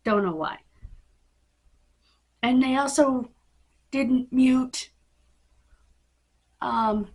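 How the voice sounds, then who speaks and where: Slow, halting woman vlogger. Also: medium pitch, breathy edge. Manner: halting, many ums and restarts. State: hiccupping, coughing. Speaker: wrestling recap vlogger. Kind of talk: casual unscripted recap.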